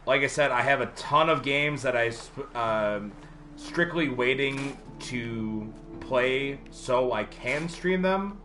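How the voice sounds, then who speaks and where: A man's voice: medium pitch, animated, slow pace, sharp tone, faint music behind. A man streaming a video game live, chatting casually and rambling with many fillers while answering viewers.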